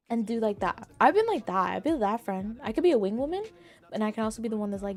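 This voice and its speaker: A young adult woman chatting casually with her live chat as a streamer, in a bubbly, animated manner full of fillers. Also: a little high, quick pace, soft background music. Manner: bubbly, animated, lots of "like", acts out quoted voices.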